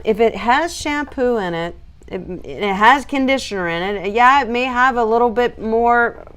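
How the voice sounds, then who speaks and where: A woman dog groomer hosting a casual live stream, chatting and reading out viewer comments in an animated, laughing way. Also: medium pitch, smooth.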